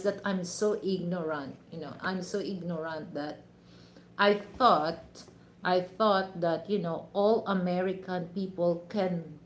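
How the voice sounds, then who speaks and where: Filipino-accented woman hosting a live stream, measured pace, lots of "you know" fillers, echoey room. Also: mid-range voice, slight background noise. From Philippines. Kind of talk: casual chat with live viewers. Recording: roomy echo, faint ambience.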